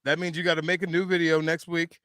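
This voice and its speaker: Upbeat high-voiced man, dry sound. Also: little pitch movement, pushed and bright, smooth, no room sound. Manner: quick to laugh and react, upbeat. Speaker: podcast co-host. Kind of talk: casual podcast chat.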